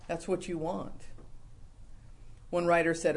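A man preaching a conversational sermon in a folksy, humorous way, acting out the lines he quotes and dropping soft and low for confessions. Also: lively intonation, moderate pace.

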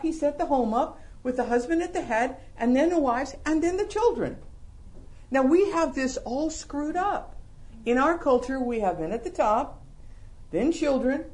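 A middle-aged man giving a sermon-style Bible lesson, animated and joking, full of rhetorical questions. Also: very high-pitched. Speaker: Bible class teacher.

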